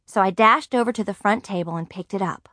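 A woman reading a first-person audiobook aloud, telling the story in a lively, expressive way. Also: mid-range voice, fairly quick, dry recording, studio quality. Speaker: audiobook narrator.

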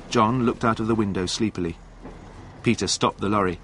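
A man reading a storybook aloud in clear, scripted narration. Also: on the low side, fairly quick, a bit bright, a little hiss or hum. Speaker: audiobook narrator.

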